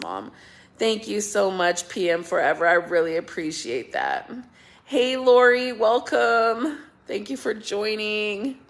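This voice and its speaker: A woman's voice: on the low side, vocal fry. A middle-aged woman hosting a casual livestream, chatting and thanking viewers by name, often laughing. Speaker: livestream host reading viewer comments.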